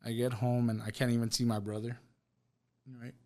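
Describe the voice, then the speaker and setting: A man telling a personal testimony on a podcast, halting and repeating words as he recounts what happened. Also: medium pitch, little pitch movement, dark tone. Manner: halting, repeats words, quotes others in plain voice. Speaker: guest sharing a personal testimony. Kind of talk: emotional personal storytelling. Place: podcast studio.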